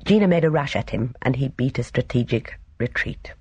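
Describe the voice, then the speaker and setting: Expressive audiobook narrator, dry close sound. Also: mid-range voice, moderate pace, breathy edge, no room sound, muffled recording. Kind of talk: audiobook reading.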